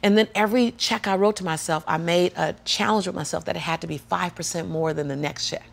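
Gravelly, animated woman storyteller. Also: on the low side, fast, slight background noise. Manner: animated, acts out the people in her story; preaching cadence, repeats key phrases. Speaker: motivational speaker. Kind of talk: personal storytelling in an interview.

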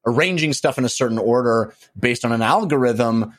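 A man's voice: medium pitch, brisk. A man co-hosting a gaming podcast, talking casually and restarting and rephrasing as he works through his thoughts. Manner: animated, restarts and stacks qualifiers. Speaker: podcast co-host. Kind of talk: casual chat.

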